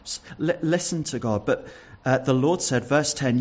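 A man's voice: mid-range voice, moderate pace, muffled recording. A man preaching a sermon, reading Bible verses and explaining them earnestly, with some stumbles and repeated words. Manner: repeats words and restarts with fillers.

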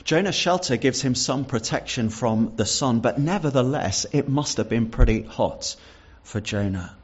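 A man's voice: medium pitch, expressive, moderate pace, breathy edge, dull audio. A man preaching a sermon, reading Bible verses and explaining them earnestly, with some stumbles and repeated words. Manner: repeats words and restarts with fillers.

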